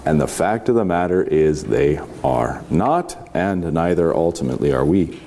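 A man teaching a class, reading passages aloud and commenting on them in a measured, conversational way, slowing down for emphasis. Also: rumbling low, sing-song, gravelly, warm tone, slight background noise. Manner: measured and reflective, with slow emphatic stretches; conversational, with fillers and restarts. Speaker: teacher leading a reading of a philosophy text.

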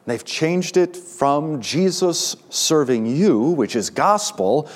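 A man preaching a sermon as a pastor, building to emphatic peaks on key words and dropping low and slow on others. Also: lively intonation.

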